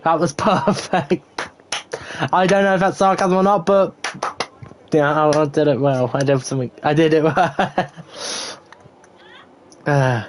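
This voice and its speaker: High-voiced British race commentator. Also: male voice, measured pace, pauses often, poor audio. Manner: chatty, swears casually, bursts into excited play-by-play. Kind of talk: live sim racing commentary. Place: at home. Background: faint household noise.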